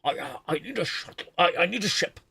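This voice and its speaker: A man's voice: sits high, expressive, quick pace, gravelly, bright, forceful tone, breathy edge, pitched above the performer's own voice, exaggerated voice. A man doing a flustered, stammering impression of an elderly male starship admiral. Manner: stammering, repeating himself.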